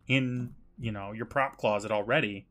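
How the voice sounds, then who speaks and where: A man's voice: on the low side, fairly even intonation, moderate pace, crowd noise. A man co-hosting a podcast, casually recapping an episode with lots of laughter and swearing, often mimicking the characters. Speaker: podcast co-host.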